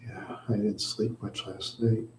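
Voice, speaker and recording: A man's voice: lowish voice, level tone, a little slow, darkish tone, reverberant, slight background noise. A man hosting a livestream, rambling and out of breath, sighing and trailing off as he chats. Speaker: livestream host.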